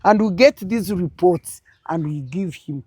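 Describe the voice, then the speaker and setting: A woman's voice: lowish voice, animated, a little slow, warm tone, husky, no room sound. An older woman with a Ugandan accent, telling a political story as an interview guest with strong, emphatic feeling.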